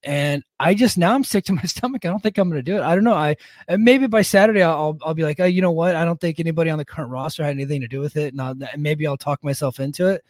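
A man's voice: a little high, rapid-fire, hardly any pauses, darkish tone, no echo. A man co-hosting a casual podcast chat, rambling and joking with frequent laughs. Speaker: podcast co-host.

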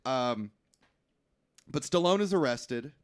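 A man co-hosting a casual movie chat, reacting with quick quips and lots of laughter. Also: mid-range voice, lively intonation, clear, resonant tone. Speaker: podcast co-host.

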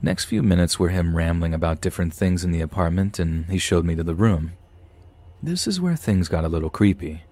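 A man's voice: low voice, expressive, brisk, mellow. A man, a podcast host, reading a scary story aloud with some dry asides.

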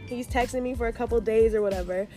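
A young woman in her twenties telling a story in casual chat, animated and profane, acting out the people she quotes. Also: fairly high pitch, quick pace, soft background music.

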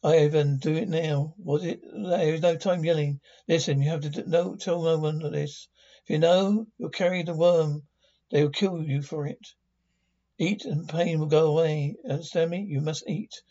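Male amateur reader, somewhat high, husky, stumbling delivery; muffled lo-fi recording. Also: fairly even intonation, normal speed, warm tone. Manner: stumbling over words, reading sound cues aloud. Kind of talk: amateur read-along of a TV episode. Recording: dull lo-fi recording.

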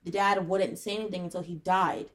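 A woman's voice: fairly low pitch, fairly even intonation, fairly quick. Blunt young woman rambling casually. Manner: blunt, rambling, swears freely. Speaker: podcast co-host. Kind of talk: casual chat.

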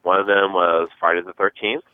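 A man leaving a casual voicemail for a podcast, talking in a hurried way with lots of fillers. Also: low voice, flat delivery, clear, resonant tone, no room sound. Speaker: caller. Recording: tinny dry phone line.

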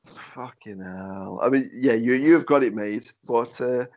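A man's voice: medium pitch, normal speed, darkish tone, highs cut off. A man hosting a podcast, joking around with his guests and swearing casually. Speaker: podcast host.

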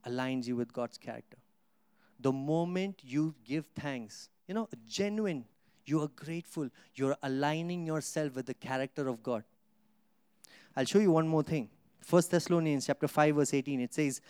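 A man, a pastor, preaching a sermon, asking the congregation questions and swinging between quiet low asides and loud, drawn-out Scripture reading. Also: clear, resonant tone, no echo, studio quality.

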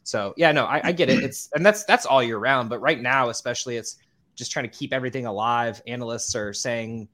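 A man's voice: medium pitch, brisk, bright, forceful tone. A man co-hosting a podcast, agreeing and rambling in casual chat with many restarts. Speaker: podcast co-host.

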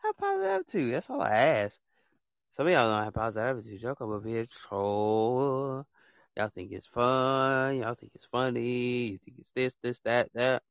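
Guy on his podcast going off, fed up and blunt, repeats himself a lot, slangy, dry mic, mid pitch. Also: fairly even intonation, unhurried, smooth, no room sound. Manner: casual slangy speech. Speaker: podcast host. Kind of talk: ranting monologue.

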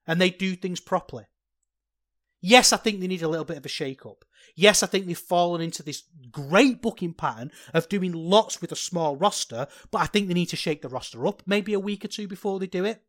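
A podcast co-host reviewing a wrestling match in casual chat, ranting with passion and then turning soft and sheepish. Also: mid-range voice, a little fast.

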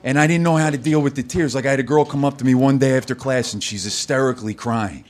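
A man's voice: medium pitch, fast. A man doing live stand-up crowd work on a comedy club stage, loose, profane and teasing the audience.

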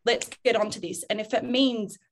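A woman's voice: fairly high pitch, moderate pace, slight background noise. A woman, a parenting expert talking casually about raising children and acting out scenes. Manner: animated, acts out children and parents in quotes. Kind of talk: casual podcast chat.

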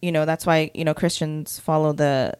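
A woman co-hosting a casual conversation, telling stories in an animated way and acting out what other people say. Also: sits low, moderate pace. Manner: animated storytelling, acts out quoted people. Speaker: podcast co-host.

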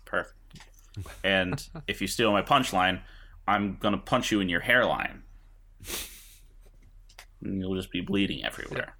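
A man's voice: sits low, a little slow, pauses often, pushed and bright, a little hiss or hum. A man co-hosting a podcast, riffing in casual banter and rambling with fillers. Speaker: podcast co-host.

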